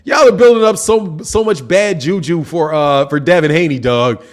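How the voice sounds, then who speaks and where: His voice leans high and his pace is moderate, with soft music playing behind him. He runs a boxing channel and chats casually with his live chat in slang, repeating himself for emphasis as he comments on the stream.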